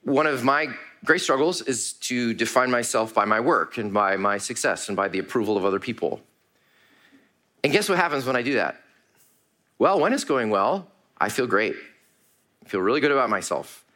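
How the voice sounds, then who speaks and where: A man's voice: medium pitch, animated, normal speed, sharp tone. A man preaching a sermon to a congregation, earnest and repetitive in his cadence. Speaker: pastor.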